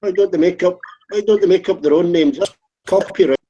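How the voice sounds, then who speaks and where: A man's voice: sits high, a little fast, mellow. A man on an online group call, teasing the others with crude jokes. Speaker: call participant. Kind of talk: casual group call banter. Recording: dull lo-fi call audio.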